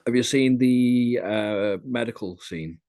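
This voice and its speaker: A young British man with a medium-pitched, slow, creaky voice and a darkish tone shares candid, crude anecdotes in a casual podcast interview. He's an adult content creator, and his chatty storytelling is full of crude humour.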